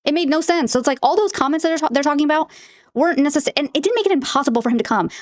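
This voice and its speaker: A woman's voice: high voice, no room sound. A woman hosting a reaction video, talking bluntly and with exasperation about a podcast clip. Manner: blunt, exasperated, rapid-fire. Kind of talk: casual reaction commentary.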